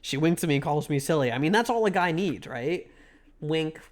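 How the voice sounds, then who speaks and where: Faint music runs under a fast-talking, animated man whose voice is on the high side. Streaming a game, he reads it aloud while bantering irreverently with chat, joking around and pausing to thank viewers.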